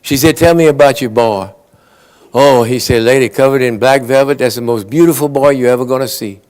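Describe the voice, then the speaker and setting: A man tells long, rambling jokes at a conference awards ceremony. His voice sits at an ordinary middle pitch, and he slips briefly into his characters' lines as he goes. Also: a little fast, darkish tone. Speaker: after-dinner joke teller. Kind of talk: folksy joke telling.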